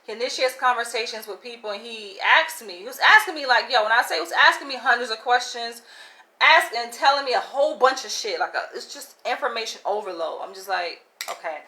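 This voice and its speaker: A woman talks straight to her viewers in a casual, candid storytelling way, peppering her sentences with "like" and "right?". Her voice sits a little high and sounds bright and forceful, and she laughs easily as she goes. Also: expressive, brisk, low-quality recording. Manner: chatty and candid, many "like" and "right?" asides, laughs often. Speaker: vlogger.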